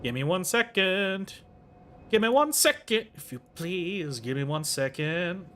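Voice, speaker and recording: A man's voice: sits high, animated, a little slow, noisy background. A man streaming a video game, chatting casually with his viewers in a playful, teasing way. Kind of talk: casual livestream chat.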